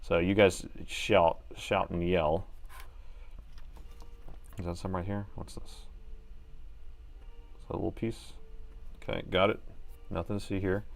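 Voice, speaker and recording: A man's voice: low-pitched, little pitch movement, unhurried, gravelly, pauses often, faint music behind. A man hosting a laptop repair livestream, chatting casually to viewers and laughing often as he works. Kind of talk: casual live repair chat.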